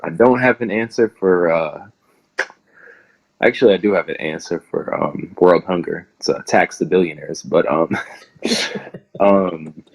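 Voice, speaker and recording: A man's voice: sits low, measured pace, slightly rough. A young man, a pro wrestler, telling rambling stories in a casual interview and laughing often. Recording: dull lo-fi audio.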